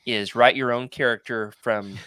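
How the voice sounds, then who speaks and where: A man hosting a casual podcast roundtable, talking in an emphatic, animated way. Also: medium pitch, normal speed, clear, resonant tone, no echo, studio quality. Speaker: podcast host.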